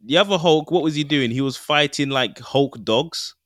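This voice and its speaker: A young man, co-hosting a casual podcast chat, animated and often laughing. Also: fairly high pitch, moderate pace, no echo, studio quality. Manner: animated, laughing, mimics voices for jokes. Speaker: podcast co-host.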